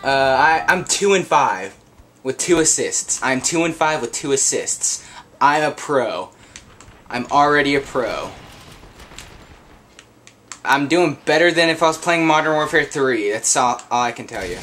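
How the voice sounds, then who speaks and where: A young man talks over his gameplay in an unhurried, drawn-out way, swearing freely and sounding lost. He laughs at himself and lets out sharp yelps whenever he gets hit. A faint hiss of noise sits under his voice. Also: a little high. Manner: confused, swearing a lot, laughing, yelping when hit. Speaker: gameplay commentator. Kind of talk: casual let's play commentary.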